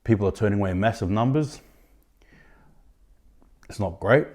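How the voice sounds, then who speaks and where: A man hosting his own rugby league podcast, giving indignant opinions in a ranting style, with sudden loud outbursts of disbelief. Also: fairly low pitch, lively intonation, moderate pace. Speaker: podcast host. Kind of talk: opinionated sports commentary.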